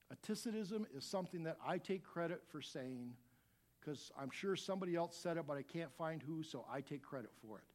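A middle-aged man preaching a sermon as a pastor, animated, dropping to quiet asides and rising to loud shouts. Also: fairly high pitch.

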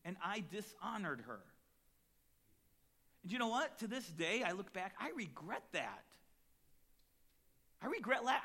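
A man preaching a sermon as pastor, dynamic, shifting between quiet reflective lines and loud emphatic ones, telling personal stories with acted-out quotes. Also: sits high. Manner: storytelling with acted quotes and chuckles.

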